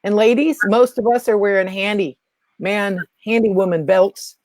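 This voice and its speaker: A woman's voice: medium pitch, normal speed, darkish tone, no echo. A woman guest teaching about spiritual energy, talking emphatically and repeating key phrases. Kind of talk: teaching talk.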